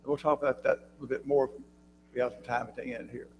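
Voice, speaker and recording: A man with a mid-range, level, slightly mellow voice teaches a church Bible class at a fast pace, speaking conversationally and often quizzing his listeners. He clears his throat and restarts frequently, in a church room with long reverb and a faint hum.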